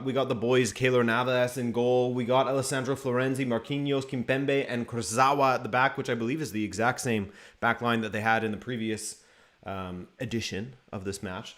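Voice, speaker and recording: A man's voice: medium pitch, fairly bright tone. A man hosting a live football watchalong stream, chatting casually, going over lineups and greeting viewers from the chat by name.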